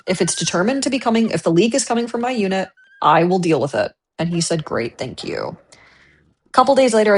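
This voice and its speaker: A young adult woman streaming, casually retelling a story in an animated way with frequent restarts. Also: mid-range voice.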